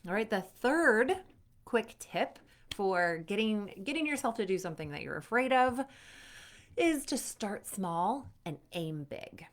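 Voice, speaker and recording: A woman's voice: medium pitch, a little slow. A woman sport psychology coach giving motivational tips to camera in an upbeat, conversational way, speaking straight to the viewer. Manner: quotes an athlete's inner voice with lively put-on emotion.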